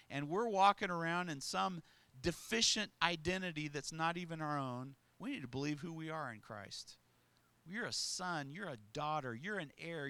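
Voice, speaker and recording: A man's voice: fairly high pitch, pushed and bright. A man preaching a sermon with emphasis, asking the congregation rhetorical questions and chuckling between points.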